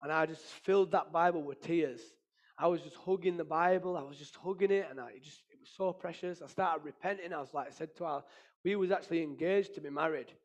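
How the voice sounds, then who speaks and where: A man's voice: fairly high pitch, quick pace. A man, sharing an emotional personal testimony in an earnest storytelling manner. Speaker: testimony speaker.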